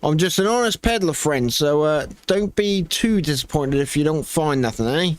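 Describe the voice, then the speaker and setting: A man's voice: on the high side, lively intonation, normal speed, dry recording, natural voice. A man voicing a chatty, easygoing old male peddler with a folksy, reassuring way of talking while reading game dialogue aloud. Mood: ingratiating.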